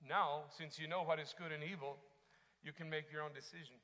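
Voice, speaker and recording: A man preaching a sermon as pastor, moving from quiet teaching into impassioned shouting. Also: a little high, steady tone, a little fast, big-room sound.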